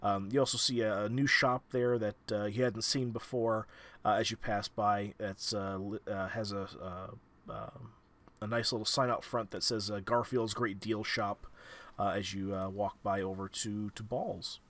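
A man narrating as game master of a tabletop game, halting, with many restarts and fillers. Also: fairly low pitch, fairly even intonation, fairly bright tone.

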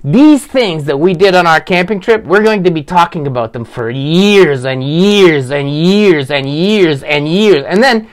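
A man voicing Magenta, a gentle, encouraging puppet friend in a children's puppet show. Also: fairly high pitch, expressive, measured pace, hardly any pauses, voice pushed up. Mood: reassuring. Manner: soothing, encouraging.

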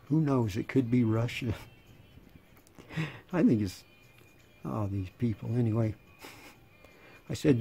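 Sarcastic guy in his 60s rambling on, husky dark voice, bit hoarse, faint music behind. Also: medium pitch, slow pace, pauses often. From United States. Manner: sarcastic, rambling, laughing between lines. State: slightly hoarse. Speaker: channel host. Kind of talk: casual monologue.

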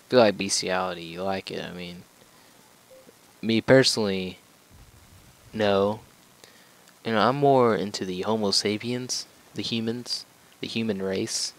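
Low, unhurried man joking through a game. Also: gravelly, rough recording. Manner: joking, rambling, talks to the game. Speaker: let's play gamer. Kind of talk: casual gameplay commentary.

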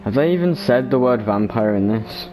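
With faint music behind him, a man speaks in an expressive, darkish mid-range voice at a moderate pace. He's a gamer at a desk mic, casually commenting on his play in a rambling, joking manner.

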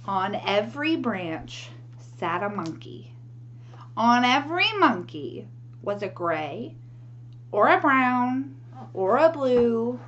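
A woman reading a picture book aloud to children, animated and asking her listeners questions. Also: a little high, a little slow, muffled recording, slight background noise. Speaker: storyteller for children.

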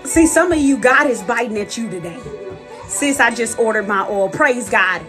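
High-voiced woman preaching with fervor. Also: animated, moderate pace, music in the background. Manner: passionate, calls the audience sis and y'all. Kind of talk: sermon on a live stream.

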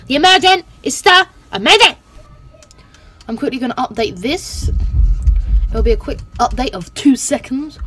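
A playful woman chatting through a game session, her higher-pitched voice bouncing from sing-song silliness to quick asides. She keeps the tone casual and jokey. Her swearing is swapped out for a steady stream of "bloody". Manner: playful, goofy, sing-song bits and silly sound effects; self-censors swearing, says "bloody" a lot. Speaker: gaming channel host. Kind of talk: casual gameplay commentary.

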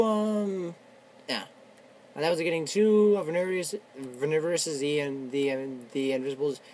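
A young man giving casual, excitable commentary while playing a video game, shouting and swearing, his voice worn from yelling. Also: a little high. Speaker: gamer. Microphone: tablet on a desk.

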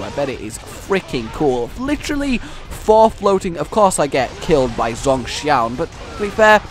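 A man hosting a let's play, rambling excitedly about the game, joking, and breaking into shouts and silly voices. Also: on the high side. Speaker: gaming channel host.

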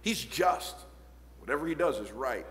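A man preaching an evening church sermon as pastor, reading old scripture aloud and building to shouted points. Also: medium pitch, expressive, normal speed, in a large hall. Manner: reads old-fashioned scripture verses aloud. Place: church sanctuary.

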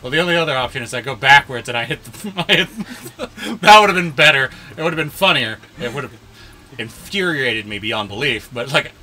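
Co-hosting a let's-play video, this man chats casually while he plays, laughing often and keeping things lively and full of jokes. His voice is mid-range and brisk.

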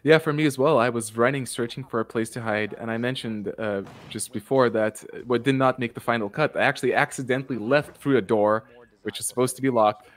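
A man hosting a casual livestream chat, telling stories excitedly and laughing often. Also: medium pitch, a little fast. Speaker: show creator and host.

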